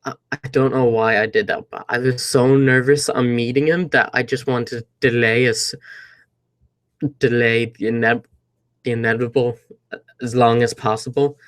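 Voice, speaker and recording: A man's voice: medium pitch, steady tone, normal speed. Young Irish man, casual vlog storyteller, nervous and rambling, full of fillers. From Ireland.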